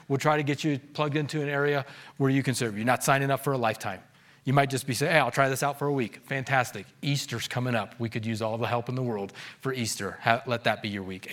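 A male pastor with a high, ringing voice, preaching to a church congregation. He tells animated stories, dropping to a hush and then rising to a shout, and he laughs along with his own stories. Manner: animated storytelling, swinging from hushed to shouting. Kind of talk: sermon. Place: church service before a congregation.

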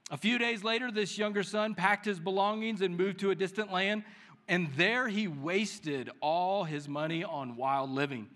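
A man preaching, who reads the scripture with lively dramatic emphasis and leads prayer in a soft, slow voice. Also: sits high. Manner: prays softly and slowly. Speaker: pastor. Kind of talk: sermon with Bible reading and prayer.

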